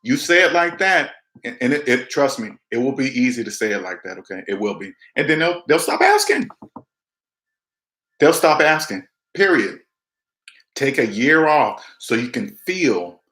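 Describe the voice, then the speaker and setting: A man's voice: mid-range voice, very animated, normal speed, a bit bright, roomy sound. A man in his forties giving a casual motivational talk to his viewers, repeating himself and acting out other people's lines. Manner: preachy, repetitive, talks straight to viewers, acts out quotes. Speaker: personal finance vlogger. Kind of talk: casual motivational monologue to camera.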